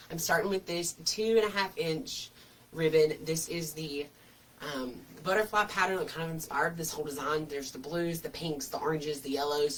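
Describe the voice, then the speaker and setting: A man's voice: a little high, fairly bright tone, distant mic, a little hiss or hum, poor audio. A man hosts a casual craft tutorial, chatty and folksy, full of homespun comparisons. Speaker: wreath-making host.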